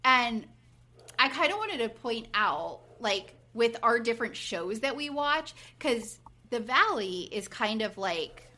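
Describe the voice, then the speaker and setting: Woman in her forties, podcast co-host; animated, bright, lots of "like", mimics people mid-story. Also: on the high side, takes it slowly. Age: 40s. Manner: animated retelling, acting out quotes, frequent fillers. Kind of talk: casual reality TV recap chat.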